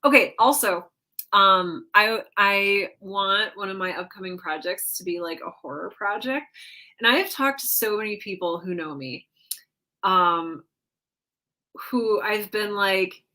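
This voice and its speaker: A woman's voice: mid-range voice, measured pace, bright, forceful tone. A woman hosting a livestream in casual chat, reading viewer comments aloud and reacting in an upbeat, playful way. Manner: playful self-teasing, frequent "like" and "um".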